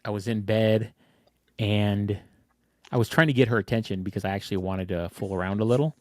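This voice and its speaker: A man's voice: on the low side, fairly even intonation, fairly quick, no room sound, studio quality. A man co-hosting a podcast, telling a rambling story in casual chat and laughing through his words. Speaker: podcast co-host.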